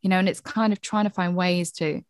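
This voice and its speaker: A woman's voice: fairly low pitch, steady tone, brisk, no echo, studio quality. A woman, a therapist and mother, talking candidly and earnestly in a reflective podcast conversation, often saying "you know".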